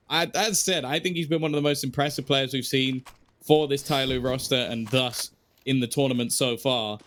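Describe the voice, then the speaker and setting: A man commentating an esports match, chatty and quick to react, with self-deprecating humor. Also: mid-range voice, fairly bright tone. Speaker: esports caster.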